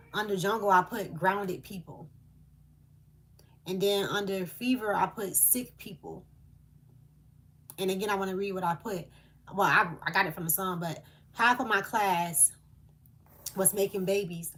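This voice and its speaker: A woman's voice: mid-range voice, fairly bright tone. A woman speaking, delivering a channeled spiritual message in an earnest, emotional way with hesitant fillers.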